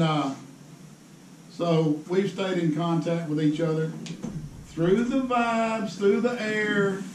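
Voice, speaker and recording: Slightly high and a little mellow, his voice carries through an echoey tackle show hall as he tells the crowd loose, folksy stories and laughs often. He's a fishing pro giving a seminar, picked up on a distant mic over crowd noise.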